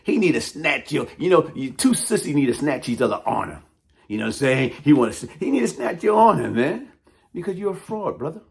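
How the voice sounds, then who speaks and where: A man's voice: fairly high pitch, sing-song, brisk, vocal fry. A man delivering a heated, taunting call-out monologue in blunt street talk. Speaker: YouTube commentator.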